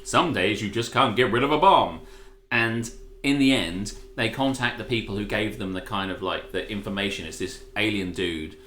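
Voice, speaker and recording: A man rants animatedly to his co-host, swearing freely as he tells the story. His voice is bright and forceful. It rings in a roomy space with a faint hum behind it. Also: on the low side, normal speed. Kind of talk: casual ranting chat on a live stream.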